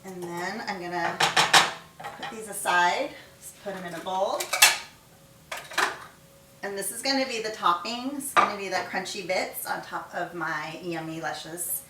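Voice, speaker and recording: A woman's voice: fairly low pitch, a little slow, long pauses, very noisy. A middle-aged woman chef hosting a casual cooking video in her home kitchen, chatting and talking herself through each step as she works. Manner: chatty, talks to herself while working. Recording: echoey kitchen from far off, clattering dishes. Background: clinking cutlery, pots and pans.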